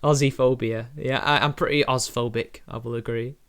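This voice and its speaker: A man's voice: mid-range voice, steady tone, moderate pace, fairly bright tone, clear, resonant tone. A young man, chatting on a live stream in a mocking, crude, laughing way. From Britain. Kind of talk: casual live-stream commentary.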